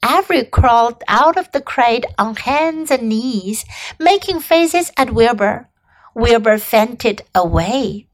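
A woman teacher reading a classic children's story aloud for learners, with clear, expressive narration. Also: fairly high pitch, slow, low-quality recording.

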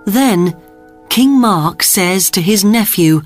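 A woman narrating a storybook in a plain, measured way. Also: mid-range voice, expressive. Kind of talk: storybook reading. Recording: soft music underneath.

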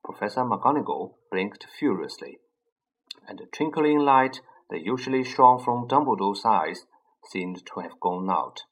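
A man narrating a children's fantasy audiobook in a measured, expressive storytelling manner. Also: fairly low pitch, husky, low-quality recording. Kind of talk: scripted narration.

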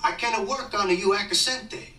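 A man playing a good-natured, not very bright young actor in a sitcom clip, talking in a casual, easygoing way. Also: sits high, normal speed, natural voice. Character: young male struggling actor, dim but good-natured. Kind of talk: sitcom acting. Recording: roomy distant sitcom soundtrack with background noise.

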